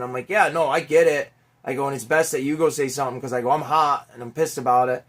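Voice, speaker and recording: A middle-aged man telling a Father's Day story in a casual, animated way, swearing now and then and acting out the people in it. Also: mid-range voice, a little fast. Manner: animated, chatty, swears casually, mimics voices in anecdotes. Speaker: toy collector vlogger, father.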